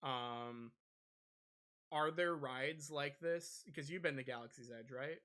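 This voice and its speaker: A gaming podcast co-host with a mid-range voice speaks slowly in a bright, forceful tone. He chats casually and rambles, with lots of fillers and restarts.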